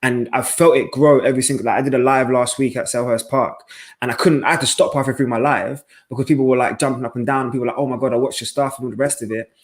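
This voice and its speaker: Brief: a passionate male presenter who talks fast and emphatically over a video call. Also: medium pitch, steady tone. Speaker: panel guest, sports presenter. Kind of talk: webinar panel discussion.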